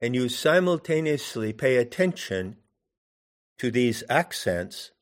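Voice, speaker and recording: Slow, deliberate male teacher. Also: mid-range voice, big pitch swings. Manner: deliberate, poses questions to the listener. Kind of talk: meditative teaching talk.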